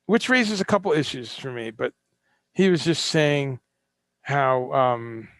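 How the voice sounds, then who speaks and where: Impassioned man with a gravelly voice. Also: medium pitch, animated, slow pace, fairly bright tone, no echo. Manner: impassioned, ranting, swears, rhetorical questions. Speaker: host. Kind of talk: live-streamed solo talk.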